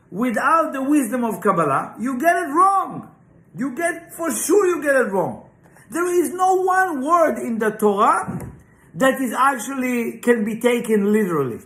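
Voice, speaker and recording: An extremely high-pitched, fairly bright male voice belongs to a Kabbalah teacher running a relaxed spiritual class in an echoey classroom, streamed live and online. He talks with emphasis and keeps checking in with "right?" and rhetorical questions.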